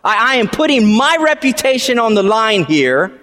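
A man preaching a sermon, emphatic and repetitive, swinging from hushed lines to shouted ones. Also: high-pitched, big pitch swings, moderate pace. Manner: emphatic, repeats phrases, swings between quiet and shouting. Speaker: pastor. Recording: long hall reverb.

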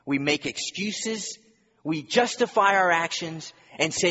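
A male pastor preaches earnestly and slowly, with a husky, fairly high voice. He builds on repeated phrases and rhetorical questions. The sound is dull, with a long church reverb around it. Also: pushed and bright. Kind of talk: sermon. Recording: dull recording in a reverberant hall.

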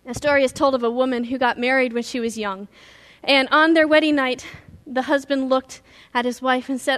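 Woman pastor, earnest and emphatic sermon, high pitch, storyteller. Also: steady tone, brisk, fairly bright tone.

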